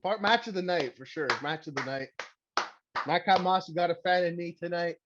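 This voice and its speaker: Excitable, crude young man podcasting. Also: a little high, fairly quick, lo-fi sound, background noise. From Canada. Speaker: podcast host. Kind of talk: casual profane chat.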